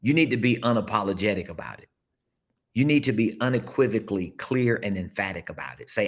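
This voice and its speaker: A man with a slightly low voice talks to his audience on a casual live stream. He coaches emphatically, repeating himself and coaxing listeners to say phrases back. He speaks from a seat at an indoor table. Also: fairly quick, fairly bright tone. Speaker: business coach. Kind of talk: casual livestream motivational talk.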